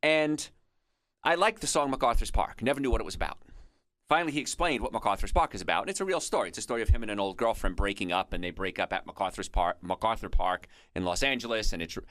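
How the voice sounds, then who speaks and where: Lively, bright-voiced male radio health host. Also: on the low side, fast talker, no room sound. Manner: explanatory, chatty storytelling with asides. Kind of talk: conversational radio health talk.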